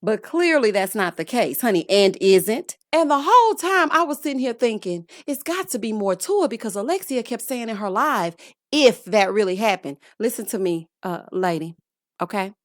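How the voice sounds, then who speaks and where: A woman in her late thirties giving a sassy, animated recap of a reality TV episode, full of scolding asides and endearments. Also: mid-range voice, moderate pace, no room sound, studio quality. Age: late 30s. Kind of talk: casual recap commentary.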